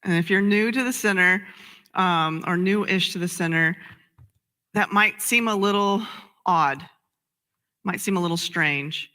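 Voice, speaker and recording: A woman minister delivers a casual, conversational sermon with a very bright, sharp tone. She is animated, slips into little acted-out scenes and laughs often. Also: fairly low pitch, measured pace, pauses often.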